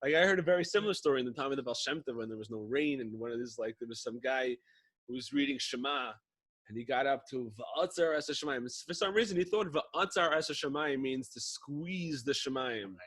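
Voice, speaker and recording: A podcast co-host chats casually, joking and poking fun at himself. His medium-pitched voice is animated, brisk and a little bright, with a breathy edge.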